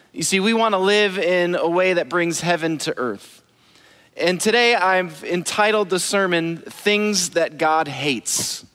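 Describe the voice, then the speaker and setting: A man's voice: fairly high pitch, a bit bright. A man, a lead pastor, giving a playful, joking sermon and talking straight to his congregation. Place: church auditorium. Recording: long hall reverb.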